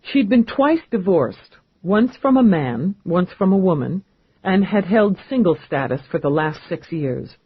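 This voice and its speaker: A man reads a crime audiobook in a steady, measured way. His voice is husky and fairly high for a man. The recording is dry and slightly muffled. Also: dry recording. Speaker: audiobook narrator. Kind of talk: scripted narration.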